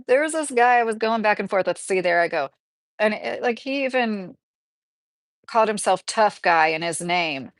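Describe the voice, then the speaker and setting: A woman's voice: mid-range voice, animated, moderate pace, no echo. Chatty Kentucky woman on a livestream. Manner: rambling, chatty, full of fillers. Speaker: livestream host. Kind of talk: casual livestream chat.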